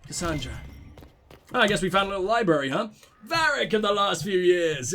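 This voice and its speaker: A man's voice: high-pitched, big pitch swings, fairly quick, bright, forceful tone. A young man playing a video game, reading its letters aloud with casual, profane asides. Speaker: gameplay commentator.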